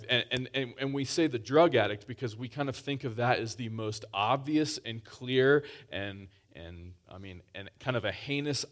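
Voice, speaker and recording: A man preaching a sermon in a conversational way, often restarting phrases and pushing up for emphasis. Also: medium pitch.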